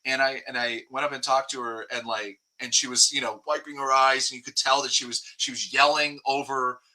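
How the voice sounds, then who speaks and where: A man with a very bright, sharp-edged voice speaks as a guest reporter in a casual interview. He rambles, restarting his sentences and filling gaps with "you know" and "like." His pitch sits in the ordinary middle range for a man. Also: fairly even intonation, brisk, low-quality recording. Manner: rambling, many restarts and fillers.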